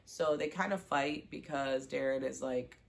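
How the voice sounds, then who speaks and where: A woman recapping a TV season in a casual, animated way, acting out the characters' lines and gushing over favorite scenes. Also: very deep voice, a little slow, gravelly. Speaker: show recap vlogger.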